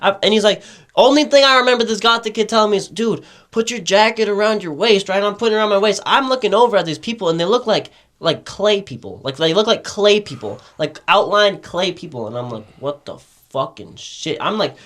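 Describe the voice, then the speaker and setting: A man's voice: high voice, animated, brisk, fairly bright tone. A young man telling a rambling, profane party story in casual podcast chat, peppering it with "right?".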